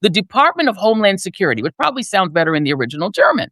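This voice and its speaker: A woman's voice: big pitch swings, rapid-fire, fairly bright tone, no echo, studio quality. A woman in her fifties giving emphatic, sardonic political commentary as a panel guest. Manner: emphatic, sardonic, swings between high and low.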